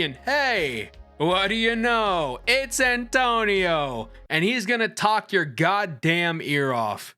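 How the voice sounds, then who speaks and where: A man's voice: sits high, pushed and bright. A man giving blunt, irreverent, cursing commentary as he reviews a game, stumbling over restarts. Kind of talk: casual profane game commentary.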